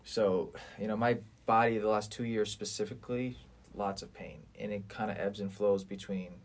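Earnest low-voiced man rambling casually. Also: steady tone, normal speed. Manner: rambling, earnest, swears freely. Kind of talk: casual podcast conversation.

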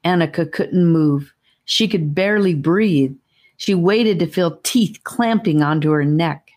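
A woman reading a fantasy audiobook aloud in a calm, measured storytelling manner. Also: lowish voice. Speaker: audiobook narrator. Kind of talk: audiobook narration.

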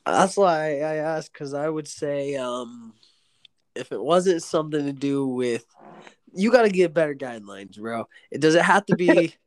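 A young man co-hosting a laid-back podcast, thinking out loud with stumbles and restarts and ending nearly every line with "bro". His voice sits slightly high for a man and sounds dry and close. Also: expressive, unhurried, no room sound. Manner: hesitant, restarts, says bro a lot, laughs. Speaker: podcast co-host. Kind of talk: casual podcast banter.

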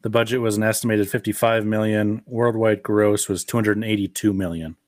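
A man co-hosting a casual movie review podcast, reading out film facts and scores with a relaxed, jokey manner. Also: lowish voice, a little fast, no echo, clean studio sound. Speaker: podcast co-host.

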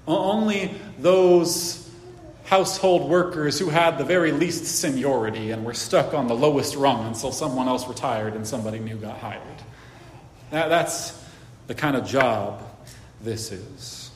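Animated male pastor in an echoey hall. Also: mid-range voice, measured pace. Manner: casual, animated storytelling with many restarts. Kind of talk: sermon. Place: church hall. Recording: echoey hall, faint background hiss.

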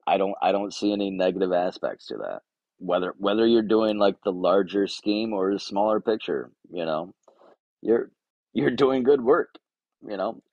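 A man's voice: on the low side, animated, normal speed, a little mellow, no room sound, muffled recording. A man co-hosting a podcast, joking in an irreverent, casual way. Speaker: podcast co-host. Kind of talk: casual chat.

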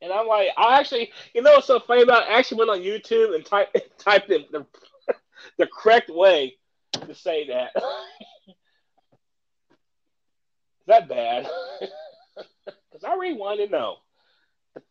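A man from Kentucky, hosting a casual podcast and telling stories in an animated way, laughing often. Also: sits high, brisk, lo-fi sound. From Kentucky, US South. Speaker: podcast host. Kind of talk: casual chat.

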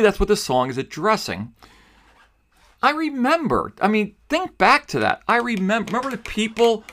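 A male podcast host delivers opinion commentary in an emphatic, argumentative way. His pitch sits a little higher than most men's and swings widely as he presses his points, and he grew up in the New York City suburbs. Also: fairly bright tone.

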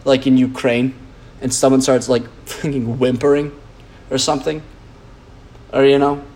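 A man talks through a loose, rambling podcast monologue. His delivery is blunt and profane, packed with fillers and false starts, and his pitch sits in the middle range. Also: little pitch movement, measured pace, a little mellow. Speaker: podcast host.

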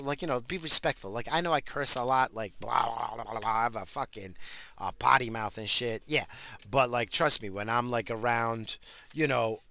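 A man's voice: medium pitch, slight background noise. A middle-aged man from New York with a New York accent, telling a story in a casual monologue and swearing constantly. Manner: heavy swearing, animated. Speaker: solo storyteller.

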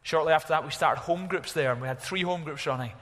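A man preaching a sermon as pastor, animated, exclaiming at times and dropping to a hush at others. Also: fairly high pitch, fast talker, in a large hall. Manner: animated, exclaiming, varies from loud to hushed.

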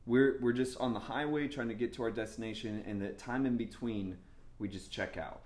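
A young man preaching a sermon in a casual, animated way, with laughs and asides. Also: mid-range voice, a little fast. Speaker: pastor. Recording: echoey room.

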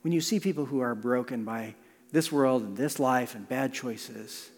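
A middle-aged male pastor preaching a sermon, shifting from loud emphasis to hushed near-whispers. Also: mid-range voice, unhurried, long pauses, soft background music. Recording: long hall reverb.

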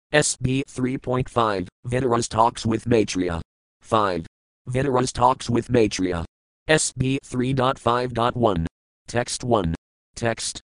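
Man, steady scripture recitation, verses and commentary, dry close sound, mid-pitched voice. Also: no echo, low-quality recording. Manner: steady recitation, slower when reading word meanings. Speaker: scripture reader.

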